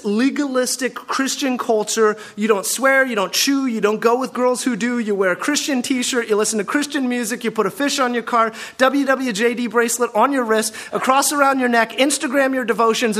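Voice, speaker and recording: A man with a high voice delivers a lively sermon from the pulpit. He keeps firing rhetorical questions at the congregation and swings between playful emphasis and quieter earnest points. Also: moderate pace. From Pacific Northwest of the US. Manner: animated, full of rhetorical questions. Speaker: pastor.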